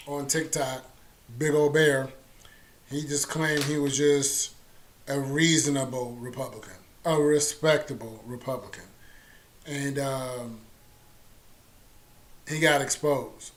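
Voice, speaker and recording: A man's voice: mid-range voice, fairly bright tone. A man hosting a casual political talk stream, sarcastic and loose, with many fillers.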